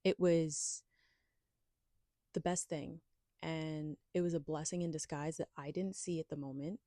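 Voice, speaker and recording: A woman with a low, mellow voice shares a personal story on her podcast. She talks candidly and with emphasis, and the sound is close and dry. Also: steady tone, a little slow, dry recording. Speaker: podcast host.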